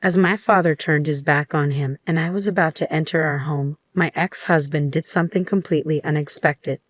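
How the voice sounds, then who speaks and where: A woman with a low voice reads a first-person story in a steady, even way. The recording is dry and close, with no room sound. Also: brisk, no echo. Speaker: narrator.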